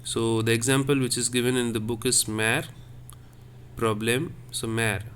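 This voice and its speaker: A man's voice: mid-range voice, fairly even intonation, normal speed, fairly bright tone. Man, teacher, classroom lesson, patient, repeats each point, faint background noise. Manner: patient, repetitive, explains step by step. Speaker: French teacher. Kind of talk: classroom lesson explaining French accents.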